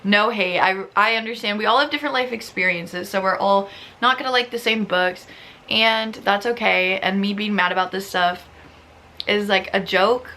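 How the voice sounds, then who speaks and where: A young woman vlogging casually about books, reading reviews aloud in an animated, exasperated way, often using "like". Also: mid-range voice, moderate pace. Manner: animated, exasperated, giggly, lots of "like". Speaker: book vlogger.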